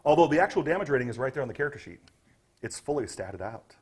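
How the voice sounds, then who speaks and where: A man's voice: mid-range voice, animated, fast talker, darkish tone, breathy edge. A man acting as game master for a tabletop game, narrating gory fight details with jokey asides.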